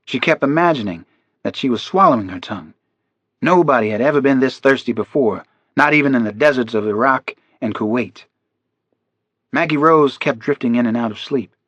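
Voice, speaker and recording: A man narrating a crime thriller audiobook in a steady, measured delivery. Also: mid-range voice, dry recording, lo-fi sound.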